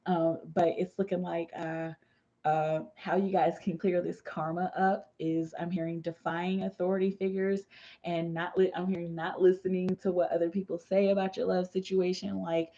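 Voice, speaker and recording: A slightly tipsy woman in her thirties chats loosely on a livestream, laughing between slangy, laid-back remarks as a tarot reader. Her voice is mellow and relaxed, and the audio comes through a little dull. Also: on the low side, moderate pace. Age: 30s. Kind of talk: casual livestream chat.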